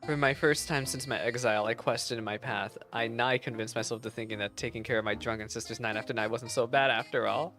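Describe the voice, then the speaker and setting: A defiant anarchist rebel bunny woman from a video game, scornful of every rule, as a man reads her lines aloud in his own lowered voice. The tone is bright and forceful. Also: fairly even intonation, fairly quick, hardly any pauses, soft background music, natural voice. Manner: plain read-aloud of game dialogue, lowered voice.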